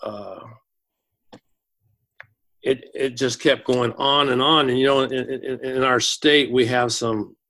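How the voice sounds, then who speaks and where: A man who works in school administration tells a long story in an interview, halting and repeating words as he goes. His voice is mid-range and sharp in tone, with fairly even intonation.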